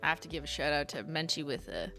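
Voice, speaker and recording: A woman's voice: low voice, expressive, quick pace, gravelly, pushed and bright, faint music behind. A woman in her thirties from Canada, chatting casually on a livestream as she reads fan mail, laughing often and swearing now and then. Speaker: YouTuber host.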